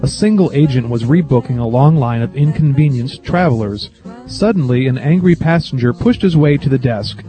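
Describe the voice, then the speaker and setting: A man's voice: mid-range voice, animated, normal speed, warm tone, faint music behind. A man hosting a comedy radio spot, reading jokes in a wry, storytelling way.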